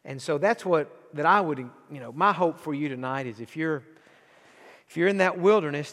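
A man in his forties with an East Texas accent, preaching a sermon in a folksy storytelling way that drops to a near hush and swells into fervent exhortation. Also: a little high, fairly quick, long reverb tail. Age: 40s. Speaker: pastor.

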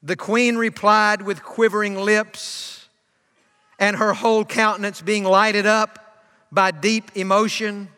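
A man preaches a sermon in a drawl, his high voice swelling with passion before dropping to a near whisper. The sound is bright and ringing. It carries the long reverb of a church sanctuary. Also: flat delivery, slow. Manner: impassioned preaching, swelling then dropping to a hush. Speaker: pastor.

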